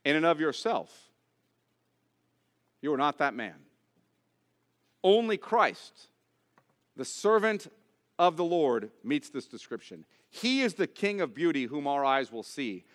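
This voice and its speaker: A man delivers a sermon in a bright, somewhat high voice. His pitch moves a lot as he builds emphasis, with long dramatic pauses. He preaches slowly and deliberately. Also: sing-song, in a large hall. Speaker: pastor.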